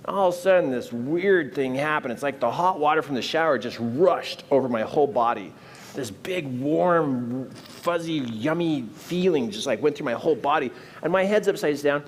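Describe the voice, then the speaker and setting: A man telling a personal story with lively energy, acting out the voices of the people in it. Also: moderate pace. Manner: acts out voices in his anecdotes, jumping pitch and volume. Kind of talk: animated storytelling.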